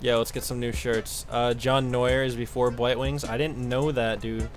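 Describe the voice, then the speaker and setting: A young man giving casual, profane commentary while streaming a game, with frequent loud outbursts. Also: mid-range voice, little pitch movement, moderate pace, faint music behind. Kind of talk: casual live gameplay commentary.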